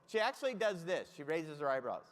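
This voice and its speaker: A man with a high, bright-sitting voice tells funny travel stories as a keynote speaker. He talks right to the crowd with comic timing. His voice rings out with a long hall reverb behind it. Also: very animated, a little fast. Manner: comic, anecdotal, addresses the audience directly. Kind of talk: humorous keynote storytelling.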